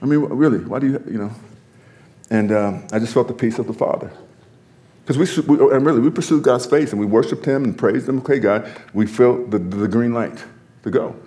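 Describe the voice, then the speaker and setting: A pastor telling a story in conversation, animated, often laughing and repeating his words. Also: medium pitch, fairly quick.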